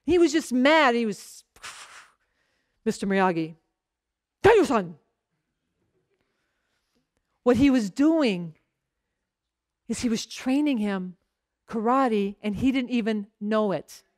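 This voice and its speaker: A woman's voice: takes it slowly, no room sound, studio quality. A woman pastor preaching a sermon in a conversational storytelling way, often checking in with the congregation and acting out bits of dialogue. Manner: acts out short bits of dialogue in a lowered voice.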